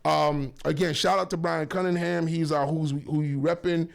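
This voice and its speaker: A male radio host with a gravelly, fairly high voice, talking loosely into a studio mic. He rambles and jokes, corrects himself often, and keeps sending shout-outs. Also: steady tone, moderate pace. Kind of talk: casual talk radio.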